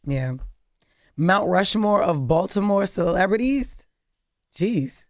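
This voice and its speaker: A deep, raspy-voiced woman trades jokes on a morning radio show, animated and laughing easily. Her voice sits mid-range and is recorded dry and close on a studio microphone. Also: no room sound. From Maryland, USA. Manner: animated, joking, quick to laugh. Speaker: radio co-host. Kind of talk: casual morning radio banter.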